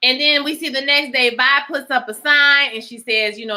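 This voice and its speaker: A woman hosting a casual livestream, recapping a TV episode in an animated, sassy way and greeting her live chat. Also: normal speed, hardly any pauses. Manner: animated, sassy, swings pitch for emphasis.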